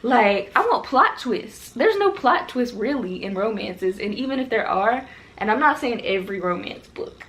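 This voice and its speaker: A woman's voice: a little high, expressive, moderate pace, a bit bright. A young woman vlogging casually from her car, rambling with lots of fillers. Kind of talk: casual vlog chat. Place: in her car in a parking garage. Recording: noisy car and traffic background.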